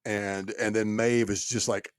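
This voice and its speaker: Male podcast co-host, lowish voice, halting casual chat, dry close sound. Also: level tone, clean tone, no room sound. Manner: halting, full of restarts and fillers.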